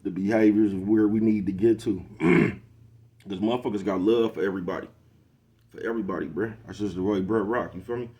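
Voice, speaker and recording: A man's voice: lowish voice, fairly quick, mellow, dull audio. A middle-aged man ranting casually to the camera, laid-back and slangy, always asking if you know what he's talking about. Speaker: vlogger hosting his own show.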